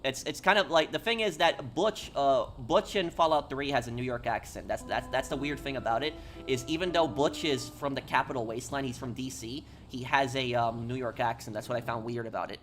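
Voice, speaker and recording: A man's voice: mid-range voice, brisk, hardly any pauses, fairly bright tone, faint music behind. A man streaming a game live, chatting casually with viewers and answering their messages, often stopping and repeating words. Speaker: gaming streamer.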